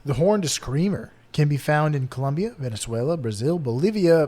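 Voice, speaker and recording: A man's voice: a little high, expressive, moderate pace, hardly any pauses, a little mellow. A man co-hosting a casual podcast, reading out animal facts and joking around between them. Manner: playful, reads facts then riffs with jokes. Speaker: podcast co-host presenting bird facts. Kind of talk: casual chat.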